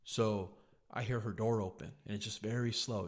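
Laid-back, low-voiced young man telling a story. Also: big pitch swings, unhurried, vocal fry. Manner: profane, laid-back, says "dude" a lot. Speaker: podcast host. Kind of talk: casual storytelling chat.

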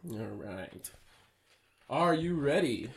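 A young man co-hosts a casual podcast, laughing, joking and swearing as a playful quizmaster running movie trivia with a friend. His mid-range voice is very animated, slow, creaky and slightly rough, picked up on a handheld camera.

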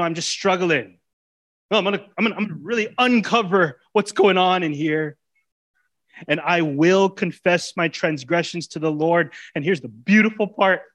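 A man in his thirties preaches a sermon in a somewhat high voice. His talk is casual and full of slang. He moves from loud, urgent pleading to soft, hushed confession. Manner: impassioned, swings from loud urging to hushed intimacy; colloquial preaching, casual grammar. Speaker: pastor.

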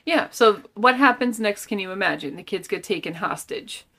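A woman's voice: mid-range voice, animated, moderate pace, bright, forceful tone. A woman co-hosting a podcast, making sarcastic, exasperated remarks about a movie with casual swearing. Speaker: podcast co-host. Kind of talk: casual movie recap chat.

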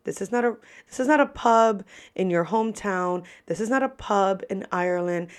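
A young woman, a podcast host who works as a server, telling stories in a casual, animated way and swearing freely. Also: normal speed. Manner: animated, profane, lively pitch swings. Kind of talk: casual storytelling.

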